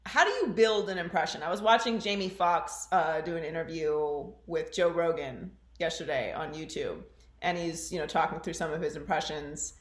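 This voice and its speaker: A man hosting a podcast, asking relaxed questions and adding brief agreements. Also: a little high, normal speed, echoey room. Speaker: podcast host. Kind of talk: casual podcast interview.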